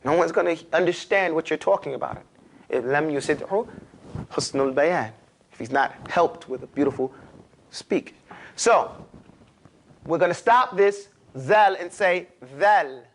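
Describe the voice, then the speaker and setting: A man with a New York accent teaching a class, lively and animated, urging his students to repeat after him. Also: a little high, unhurried, pauses often. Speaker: Arabic teacher. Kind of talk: classroom lecture.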